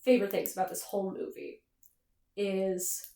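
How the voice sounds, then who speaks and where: A woman's voice: medium pitch, flat delivery, normal speed, dark tone. A young woman co-hosting a podcast, chatting enthusiastically as a fan, rambling with fillers. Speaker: podcast co-host. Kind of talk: casual chat. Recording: echoey room.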